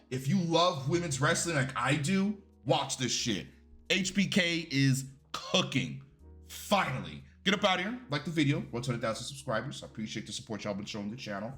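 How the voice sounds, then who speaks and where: Bright-voiced, profane male wrestling reviewer. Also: a little high. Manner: profane, animated and opinionated. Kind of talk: casual video review.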